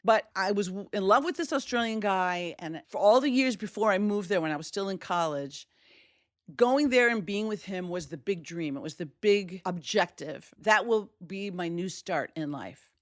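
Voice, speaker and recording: Woman storyteller, middle-aged, from Wisconsin; animated, plays the voices she quotes; medium pitch, dry recording. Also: normal speed, no echo. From Wisconsin, USA. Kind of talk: personal storytelling.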